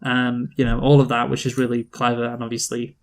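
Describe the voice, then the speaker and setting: Man, film podcast co-host, casual, rambling, restarts a lot, middle pitch. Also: monotone, brisk. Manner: rambling, many restarts and fillers. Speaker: podcast co-host reviewing films. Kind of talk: casual chat.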